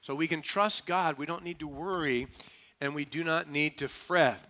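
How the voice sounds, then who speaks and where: Bright, emphatic male preacher. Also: on the high side, moderate pace. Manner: emphatic, calls for audience responses; folksy and humorous. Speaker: pastor. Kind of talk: sermon.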